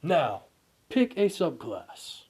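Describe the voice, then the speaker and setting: A man's voice: a little high, huge pitch swings, slow, darkish tone, husky, pitched above the performer's own voice, heavily acted. A man voicing a glowing energy orb that hands out quests and speaks in a formal, announcing way. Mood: brisk.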